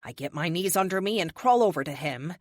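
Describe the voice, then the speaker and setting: A woman narrating a first-person action audiobook with dramatic, expressive delivery on a close studio mic. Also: lowish voice, a little fast, no room sound.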